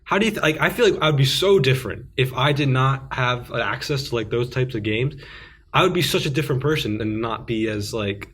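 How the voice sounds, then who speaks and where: A man's voice: medium pitch, expressive, brisk, a bit bright, husky. A teenage man co-hosting a podcast, reflective and questioning about culture. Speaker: podcast co-host. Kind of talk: casual discussion.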